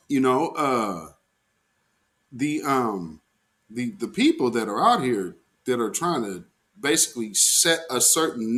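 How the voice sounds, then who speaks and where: Slow-talking man hosting a livestream. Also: medium pitch, fairly bright tone. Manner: laughs often, loose and filler-heavy; slangy, talks straight to viewers. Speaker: host of a weekly livestream show. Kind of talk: casual livestream commentary.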